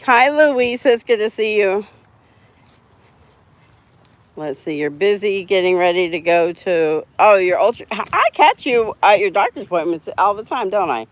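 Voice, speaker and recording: A woman's voice: medium pitch, lively intonation, moderate pace, few pauses, dry recording. A woman hosting a casual live stream while walking her dogs outside, chatting to viewers and laughing often. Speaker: dog channel host. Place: outdoors on a sidewalk.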